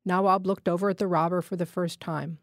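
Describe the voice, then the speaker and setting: A woman reading a literary short story aloud in a measured, steady way. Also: on the low side, dry recording, studio quality. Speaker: fiction reader.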